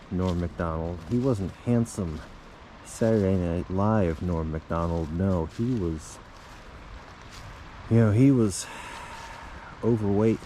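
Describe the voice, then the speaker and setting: A man telling a rambling deadpan comic tall tale, halting often and restarting his sentences. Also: deep voice, slight background noise. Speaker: storyteller.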